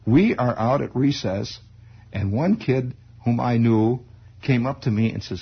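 A man telling a childhood story in a wry, animated way, often chuckling. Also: mid-range voice, measured pace, vocal fry, husky. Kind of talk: spoken storytelling monologue. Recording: dull lo-fi recording.

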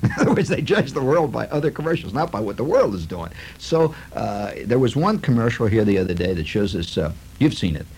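A man's voice: medium pitch, a little fast, husky, poor audio. A man in a comic monologue, telling stories with sarcasm and lots of fillers. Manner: animated, sarcastic storytelling with many fillers.

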